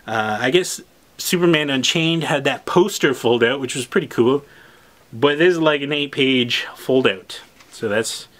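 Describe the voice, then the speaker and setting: Excitable man unboxing comics. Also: on the high side. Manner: excitable, chatty, addresses viewers directly. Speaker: comic shop host. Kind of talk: casual product unboxing.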